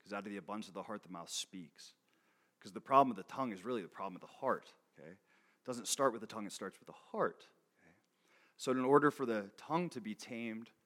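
Casual preaching man, lowish voice. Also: fairly bright tone. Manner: conversational preaching, frequent "okay?" check-ins; laughs often, restarts and repeats words. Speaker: pastor. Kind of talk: sermon.

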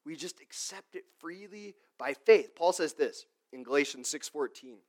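Chatty pastor with a high-ish voice. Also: male voice, animated, moderate pace. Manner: chatty, peppered with "like" and "okay?" checks; swings between loud emphatic lines and quiet asides. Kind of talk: casual conversational sermon.

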